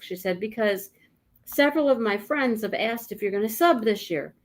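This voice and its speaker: Casual co-host: woman, high voice, lively storyteller who laughs a lot. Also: normal speed. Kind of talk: casual chat.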